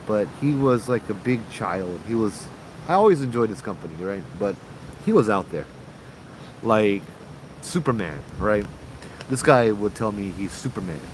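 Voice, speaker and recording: A man's voice: on the low side, expressive, moderate pace, slight background noise, low-quality recording. A man with a Hawaiian Pidgin accent hosting a casual livestream, telling stories and reading out viewer comments. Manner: chatty, reads viewer comments aloud, frequent "right?". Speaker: paranormal show host.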